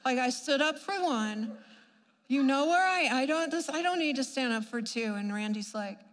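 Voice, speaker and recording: A woman shares a healing testimony with lively, expressive storytelling, playing out her own reactions and laughing along the way. Her voice sits high, and it carries a long echo, as if recorded in a large hall. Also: normal speed. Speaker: speaker sharing a healing testimony. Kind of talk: animated personal testimony.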